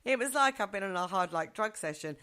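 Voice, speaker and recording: A woman chatting in a radio studio, telling stories in a lively way and acting out what people said. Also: medium pitch, fast talker. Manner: chatty storyteller who acts out quotes, often laughing. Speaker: studio guest. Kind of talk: casual radio chat. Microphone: studio microphone.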